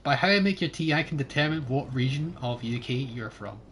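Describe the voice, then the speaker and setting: Lively chatty Scottish man streaming. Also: mid-range voice, brisk, a little hiss or hum. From Scotland. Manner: chatty, jokey, trails off quietly. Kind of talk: casual gaming chat.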